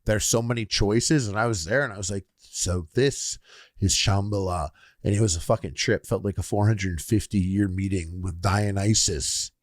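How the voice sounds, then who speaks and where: A man's voice: lowish voice, moderate pace, no room sound, studio quality. A man with a Canadian accent, co-hosting a podcast and telling a wild story in casual chat, acting out the people he quotes. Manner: animated, swearing, acts out quoted people. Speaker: podcast co-host.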